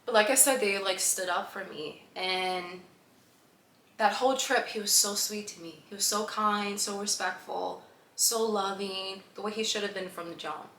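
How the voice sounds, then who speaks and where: A young woman vlogger telling a personal story in a lively, laughing way, acting out the voices of the people in it. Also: lowish voice, echoey room, slight background noise.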